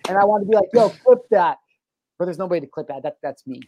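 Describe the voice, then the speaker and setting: A man hosting a casual podcast, joking around, animated, and swearing freely. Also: high-pitched, very fast, no room sound. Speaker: podcast host. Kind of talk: casual chat.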